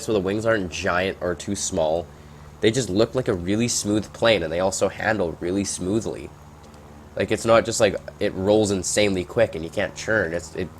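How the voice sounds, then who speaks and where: A man giving casual, rambling gameplay commentary, reacting out loud and swearing at surprises. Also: lowish voice, a little hiss or hum.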